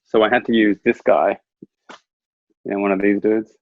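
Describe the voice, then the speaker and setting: A man's voice: fairly low pitch, little pitch movement, normal speed, no room sound, phone-quality sound. A man chatting casually as a guest over a video call, rambling through stories and laughing at his own anecdotes. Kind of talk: casual chat.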